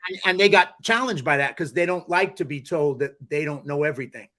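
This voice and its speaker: A man's voice: fairly high pitch, fairly quick, pushed and bright. A man hosting a podcast, chatting casually in a rambling way with many restarts. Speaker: podcast host. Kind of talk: casual interview chat.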